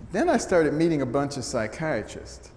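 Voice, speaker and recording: A middle-aged American man giving a storytelling talk to an audience, humorous and animated, often acting out the voices of the people he quotes. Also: a little high, normal speed. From United States. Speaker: speaker giving a testimony talk. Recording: echoey hall sound with faint noise.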